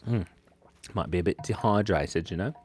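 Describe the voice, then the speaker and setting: Sketching on his live stream, a man with a low, slightly mellow voice talks at a normal speed, goofing around and reading out chat messages. There's a little hiss or hum on the recording.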